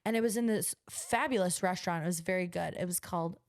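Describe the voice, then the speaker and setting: A woman's voice: lowish voice, quick pace, dry recording, clean studio sound. A young woman co-hosting a podcast, chatting casually in a bubbly, gushing way with lots of "like". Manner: bubbly, gushing, heavy use of "like". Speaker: podcast co-host. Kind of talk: casual chat.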